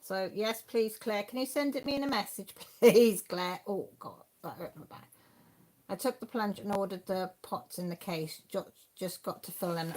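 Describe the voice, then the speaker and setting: A woman's voice: medium pitch, normal speed, a little mellow. A woman hosting a casual live stream from home, rambling chattily to viewers and her dog, filmed on a phone. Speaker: crafting channel host. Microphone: phone filming.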